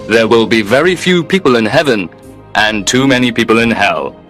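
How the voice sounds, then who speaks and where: A man doing a courteous heavenly clerk, formal, detached, lively intonation, faint music behind. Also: medium pitch, moderate pace, close to an everyday voice. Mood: calm. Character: polite, unbending male receptionist at heaven's gate.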